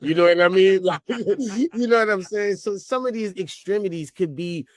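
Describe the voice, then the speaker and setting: A man's voice: high voice, normal speed, dry recording. A man in his thirties with a New Orleans accent, chatting casually as an interview guest, often adding "you know what I mean.". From New Orleans, Louisiana. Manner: laid-back storytelling, frequent "you know what I mean".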